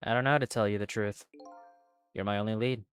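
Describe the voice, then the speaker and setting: With faint music behind, this streamer plays a game and voices its dialogue aloud, cracking jokes and swearing in between. The voice is mid-range, steady, smooth and brisk.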